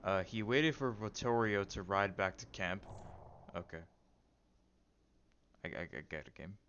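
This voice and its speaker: A man with a very low voice reads game lore aloud in a relaxed way, tripping over names and dropping dry, joking comments between passages. The sound is slightly dull and carries a faint hiss behind it. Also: unhurried. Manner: stumbles over names, wry joking asides. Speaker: game streamer. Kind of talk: reading game lore aloud with casual asides.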